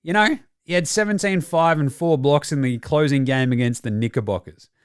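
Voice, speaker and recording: A man's voice: on the high side, a little fast, smooth, no room sound, studio quality. A man giving casual, profane sports commentary as a podcast host, sarcastic and acting out mock quotes. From Australia. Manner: sarcastic, swears freely, acts out mock quotes.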